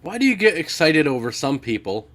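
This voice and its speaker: Deadpan crude man ribbing his co-host. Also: on the high side, brisk, no echo. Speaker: livestream co-host. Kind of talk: casual livestream banter.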